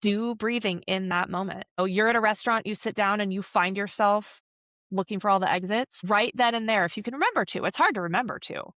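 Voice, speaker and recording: A woman somatic coach, a podcast guest, explaining calmly and earnestly in an interview. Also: mid-range voice, fairly quick, dry recording, lo-fi sound. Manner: earnest, coaching, acts out little quoted voices.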